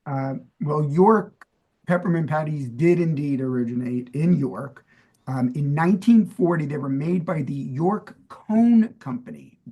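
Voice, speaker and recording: A man's voice: a little high, unhurried, lo-fi sound. A middle-aged man from New Jersey co-hosting a podcast, chatting loosely and quizzing his partner with plenty of fillers. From New Jersey, USA. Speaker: podcast co-host. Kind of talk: casual chat, trivia quiz.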